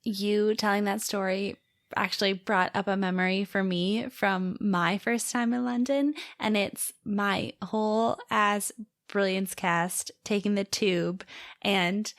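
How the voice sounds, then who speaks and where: A woman's voice: mid-range voice, fairly even intonation, slow pace. A young woman co-hosting a podcast, speaking in an upbeat, breezy way. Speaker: podcast co-host. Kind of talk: casual chat.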